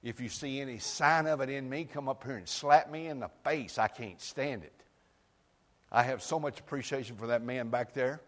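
A man preaching a sermon in a folksy way, moving from loud outbursts to quiet asides. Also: medium pitch, moderate pace, long reverb tail. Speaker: pastor.

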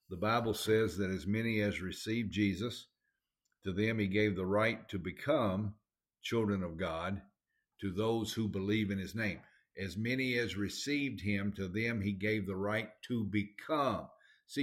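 A man with a Southern accent preaching a sermon, folksy and emphatic, with plain everyday grammar. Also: lowish voice.

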